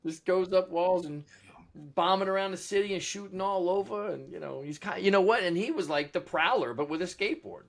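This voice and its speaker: A man co-hosting a casual comic-book podcast who chats loosely and often restarts his sentences. His voice sits a little higher than most men's. He acts out his reactions with playful quoted asides. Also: fairly quick, vocal fry. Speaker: podcast co-host.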